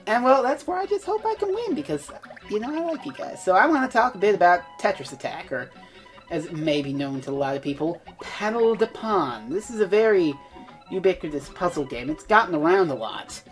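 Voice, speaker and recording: A woman's voice: on the low side, big pitch swings, a little fast, soft background music. A woman doing casual let's play commentary, rambling, self-mocking and swearing freely.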